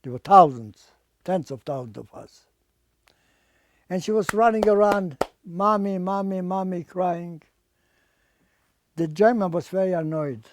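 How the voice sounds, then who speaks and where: Older man giving halting testimony. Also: sits high, expressive, a little hiss or hum. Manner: halting, repeats words, plain non-native English. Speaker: Holocaust survivor and artist. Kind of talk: personal testimony.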